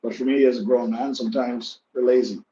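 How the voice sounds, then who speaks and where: Easygoing male co-host telling stories, gets loud and animated in reenactments, slightly dull recording with faint hiss. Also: mid-range voice, a little fast. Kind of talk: casual storytelling chat. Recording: slightly dull sound with faint background noise.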